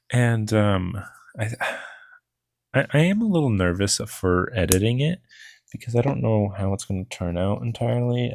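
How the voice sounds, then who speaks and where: A man's voice: fairly low pitch, creaky, a little mellow, dry recording. A young man casually rambling through a gear test, full of fillers and restarts. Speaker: vlogger testing a lavalier mic.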